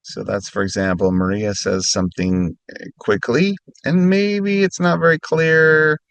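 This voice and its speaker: Guy teaching phrases real slow and careful, repeats stuff slower, dry mic. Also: mid-range voice, little pitch movement, vocal fry, fairly bright tone, dry recording. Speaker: language teacher. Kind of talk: instructional narration.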